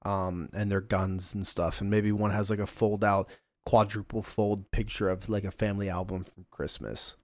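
A man's voice: on the low side, normal speed, no echo. A man running a tabletop game as game master, describing scenes and calling for rolls. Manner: descriptive, relaxed, rolls of dice.

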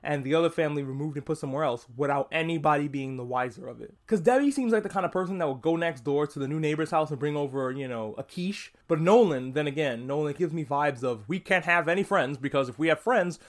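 Young male podcast host with a slightly high voice. Casual and profane, with animated character asides. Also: fast talker, hardly any pauses. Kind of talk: casual solo podcast review.

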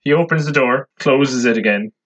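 A man's voice: medium pitch, moderate pace, fairly bright tone. A man with a North Dublin accent co-hosting a podcast, giving wry comments on a film in casual chat. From Ireland. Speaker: podcast co-host. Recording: dull lo-fi audio.

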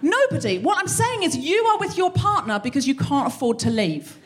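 Heavy background noise surrounds a woman hosting a live comedy podcast in front of a concert hall audience. Her voice is high and sing-song, her pace a little fast, and she talks straight to the crowd in a stand-up monologue. She swears often and performs both parties in a quarrel herself.

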